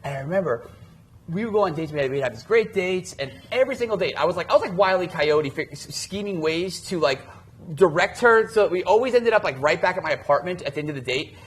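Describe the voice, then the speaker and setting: Fast, lively husky-voiced man. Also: high voice. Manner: animated storytelling with many filler words. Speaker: dating coach podcast co-host. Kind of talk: casual podcast chat.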